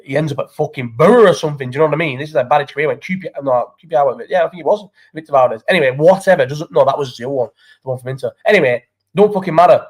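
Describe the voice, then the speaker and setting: Fast, sweary young man ranting. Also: a little high. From Falmouth, England. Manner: sweary, ranting football opinions. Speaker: podcast host. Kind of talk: casual live chat.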